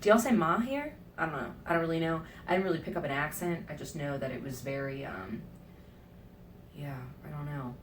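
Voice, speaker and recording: A woman vlogging from a hotel room, telling her travel stories in a chatty, animated way, with whispered asides now and then. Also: deep voice, fairly quick, distant mic, background noise. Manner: chatty, animated, acts out quoted lines, drops into whispered asides. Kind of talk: casual travel vlog storytelling.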